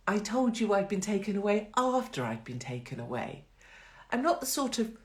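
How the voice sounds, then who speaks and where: A woman's voice: medium pitch, a little mellow. A middle-aged woman hosting a casual live-stream chat, talking in a chatty, blunt, sarcastic way and laughing often. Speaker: host.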